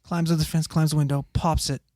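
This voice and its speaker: A man recounting a wild story on a casual podcast, swearing constantly and jumping into the voices of the people in it. His voice sits a little high, and the sound is dry and close. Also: fast, no room sound. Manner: profane, animated, acts out quotes. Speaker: podcast co-host telling a story.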